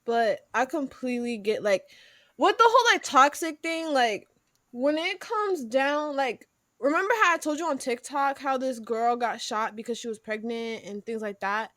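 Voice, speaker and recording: A woman's voice: high-pitched, animated, bright, forceful tone, no room sound. A young woman co-hosting a podcast, rambling casually with lots of "like" in between. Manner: rambling with lots of "like", quick laughs. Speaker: podcast co-host. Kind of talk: casual chat.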